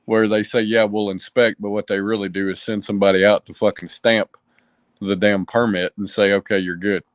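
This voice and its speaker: Brief: co-host, lower male voice, wry and cussing, dry sound. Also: level tone, fairly quick, no room sound. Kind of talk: casual chat.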